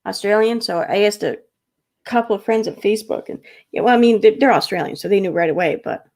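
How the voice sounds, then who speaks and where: American lady livestreaming, creaky fry voice, rambles a lot w likes and ums. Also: medium pitch, quick pace, darkish tone. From United States. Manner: rambling, filler-heavy, laughs easily. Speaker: livestream host. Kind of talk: casual livestream chat.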